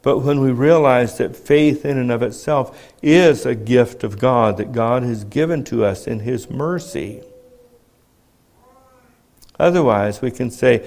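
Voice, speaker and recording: A man preaching a sermon in a measured teaching tone, asking rhetorical questions as he explains. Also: medium pitch, gravelly, a little mellow.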